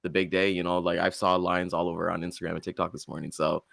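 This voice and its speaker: A man's voice: sits low, level tone, quick pace, gravelly, a bit bright, no room sound. Teasing man co-host, dry sound. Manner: joking, teasing. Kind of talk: casual morning show chat.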